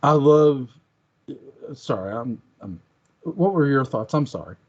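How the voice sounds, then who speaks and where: An enthusiastic man talks casually about a film on a podcast, often acting out its lines. His voice sits at an ordinary pitch for a man. The recording sounds a little dull and lo-fi. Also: lively intonation, a little slow, darkish tone. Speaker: podcast co-host.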